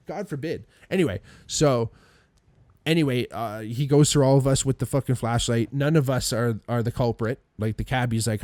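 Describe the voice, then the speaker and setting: Male podcast guest, animated storyteller, mid pitch, dry close sound. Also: normal speed, no room sound. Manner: animated storyteller, acts out quotes, swears a lot, laughs often. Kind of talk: casual storytelling.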